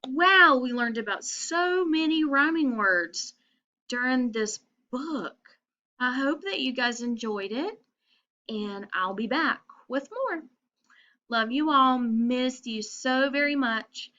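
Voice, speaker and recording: A woman teaching preschoolers, reading a picture book aloud and slowly coaxing them to find rhyming words. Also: high-pitched, animated, pushed and bright, lo-fi sound. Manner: slow, encouraging, coaxing children to find rhymes. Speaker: pre-K teacher. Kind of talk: children's read-aloud lesson.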